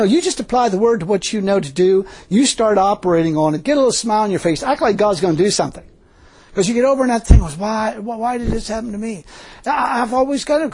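Folksy older male preacher, high-pitched and husky, laughs a lot between points. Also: darkish tone. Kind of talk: informal sermon.

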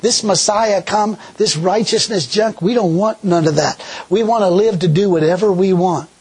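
A man preaching a sermon in a folksy, animated way, full of rhetorical questions. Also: sits high, moderate pace, breathy edge.

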